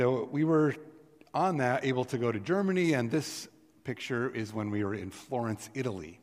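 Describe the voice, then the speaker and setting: A man's voice: medium pitch, a little mellow. A middle-aged man, a pastor, reading scripture and preaching a sermon in an earnest way, swelling with emphasis on key words. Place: church sanctuary. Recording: long reverb of a church sanctuary.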